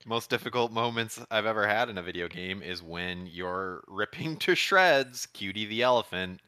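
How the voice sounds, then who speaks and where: A man's voice: fairly low pitch, animated, normal speed, sharp tone, clear, resonant tone, dry recording. A man co-hosting a casual podcast chat, telling a story with rambling restarts and frequent laughs. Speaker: podcast co-host.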